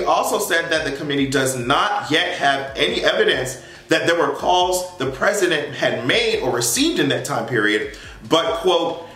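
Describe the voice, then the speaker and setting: A man's voice: fairly high pitch, roomy sound. A young man hosting a podcast, reading news aloud with frequent laughter and profanity. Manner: laughs often, profane and animated, reads headlines aloud. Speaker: podcast host. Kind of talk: casual commentary on news.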